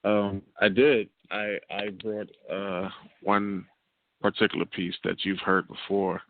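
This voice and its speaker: A man's voice: lowish voice, flat delivery, slow pace, a little hiss or hum. A man, a guest poet calling in by phone, performing spoken word with a rhythmic, repetitive cadence. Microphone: phone call. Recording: tinny, dry phone line.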